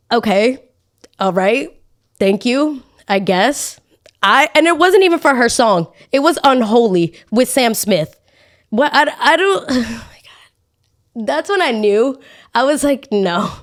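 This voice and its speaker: A young woman hosting a solo podcast, giving her opinions in an animated rant that leaps up high whenever she gets outraged. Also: smooth. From Latina. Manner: animated ranting, jumps up high when outraged. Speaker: podcast host.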